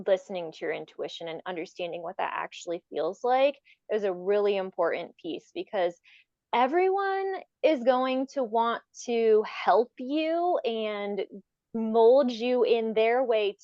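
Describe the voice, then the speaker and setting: A woman's voice: mid-range voice, a little mellow, no echo. A woman co-hosting a podcast, talking in a reflective, explanatory way with some filler words. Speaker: podcast co-host. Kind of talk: casual spiritual chat. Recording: dry, slightly dull audio.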